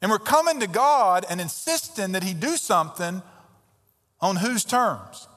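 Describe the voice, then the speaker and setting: A man's voice: high-pitched, lively intonation, unhurried, a bit bright. A man preaching a sermon as pastor, emphatic and conversational, with pointed rhetorical questions. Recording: long reverb of a large hall.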